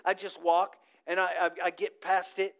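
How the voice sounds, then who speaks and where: A man's voice: high voice, level tone, normal speed, a bit bright. A man preaching a sermon to a congregation, telling stories with animation and asking the crowd to repeat words back. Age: adult with a child old enough to talk. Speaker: pastor.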